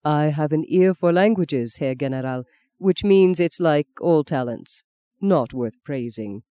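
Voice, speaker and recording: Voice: medium pitch, animated, unhurried, mellow, no echo, natural voice. A reader voicing a direct, modest Irish archbishop who speaks plainly.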